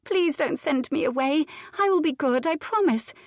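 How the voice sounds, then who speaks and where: A woman's voice: high-pitched, expressive, moderate pace, no room sound, clean studio sound, voice pushed up. A woman voicing a frightened little noble girl who pleads tearfully with her father. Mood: tearful pleading.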